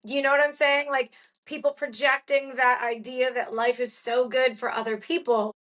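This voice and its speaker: Woman, bright higher voice, podcast host, frank and chatty, asks blunt questions. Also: flat delivery, normal speed. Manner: frank, blunt, uses fillers like "like". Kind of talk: casual chat, asking questions.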